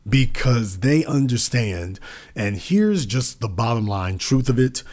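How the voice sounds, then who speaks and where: A man giving a political commentary monologue, emphatic and repetitive, slowing down to stress key words. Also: medium pitch, expressive, a little mellow.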